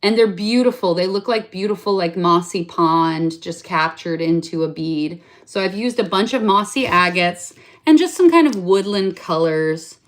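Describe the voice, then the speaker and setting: A young woman with a slightly low voice talks through a handmade craft project in a casual vlog. She rambles and trips over her own sentences, stopping to correct herself. She pokes gentle fun at how far she went with it. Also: animated, normal speed. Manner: chatty and rambling, full of self-corrections and hedging fillers; enthusiastic and self-mocking about her detail. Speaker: craft vlogger. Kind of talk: casual show-and-tell.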